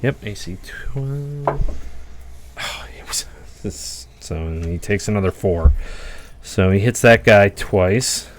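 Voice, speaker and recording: A man's voice: lowish voice, takes it slowly, long pauses, slight background noise. A man running a tabletop game as its game master, narrating combat and dice rolls in an easy, chuckling way.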